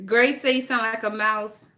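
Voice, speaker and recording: A woman's voice: a little high, slow pace, bright, forceful tone. A woman chatting casually and gossiping bluntly, with a lot of swearing, while she works on a craft project. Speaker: vlogger.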